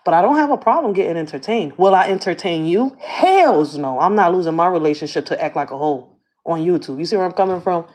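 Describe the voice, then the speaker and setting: Animated, profane woman ranting to camera. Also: lowish voice, quick pace. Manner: blunt, profane, slangy storytelling. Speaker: community activist and channel host. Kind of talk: casual rant to camera.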